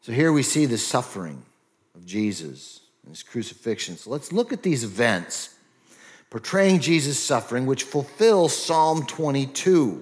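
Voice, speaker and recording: A man preaching a sermon as pastor, reading scripture aloud and explaining it in a measured way. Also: mid-range voice.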